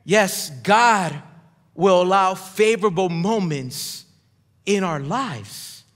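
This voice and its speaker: A man's voice: high-pitched, a bit bright. A man preaching a sermon as pastor, emphatic and building, calling on the congregation to repeat words back to him. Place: large church auditorium. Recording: long hall reverb.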